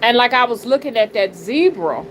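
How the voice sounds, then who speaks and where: Speaking at a moderate pace in a slightly high, animated voice, this middle-aged woman runs a channel as a spiritual reader. On a casual livestream she greets chat, preaches her views bluntly and with profanity, and keeps asking "you understand?" The recording is rough, with noticeable background noise.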